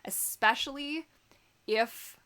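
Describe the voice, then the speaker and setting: With a high-pitched, sharp voice and a slow pace, a young adult woman with a Canadian accent chats with her livestream audience. She reads their comments casually, giggling and using lots of filler words.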